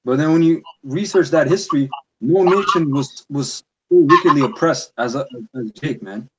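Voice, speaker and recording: A man in a casual religious discussion, talking in an animated, heated way and often ending his sentences with "man.". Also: fairly high pitch, moderate pace, highs cut off. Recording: noisy recording with clicks.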